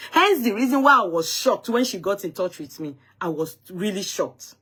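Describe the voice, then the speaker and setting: A woman's voice: medium pitch, expressive, moderate pace, a bit bright, slightly rough. Woman host of a live online talk show, emphatic and indignant, repeats points, mid-range voice. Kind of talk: live-stream talk show, recounting a dispute.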